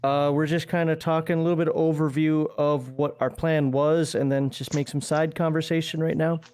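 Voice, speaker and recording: Sick, higher-voiced man chatting. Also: little pitch movement, a little fast, a little mellow, clear, resonant tone. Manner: inquisitive, chatty. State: sick, prone to coughing. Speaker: co-host of an RPG stream. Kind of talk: casual chat.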